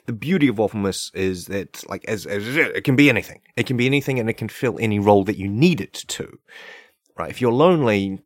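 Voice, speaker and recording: A man with a fairly low voice rambles through a comedic podcast monologue, piling up fillers and asking "right?" to nobody. He praises silly ideas with deadpan, mock-earnest sincerity. The mic sound is close and dry, with no room around him. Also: a little fast, dry recording. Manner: loose, filler-heavy riffing with many "like" and "right?". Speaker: podcast host. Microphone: podcast microphone.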